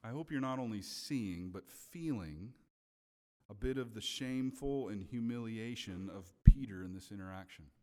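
A man's voice: fairly low pitch, moderate pace, darkish tone. A man preaching a sermon in a conversational way, often checking in with his listeners. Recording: long hall reverb.

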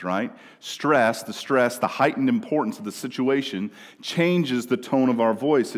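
A man from Minnesota preaching a sermon in a conversational way, often asking "right?" and moving between quiet and loud passages. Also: on the low side. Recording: long reverb of a large room.

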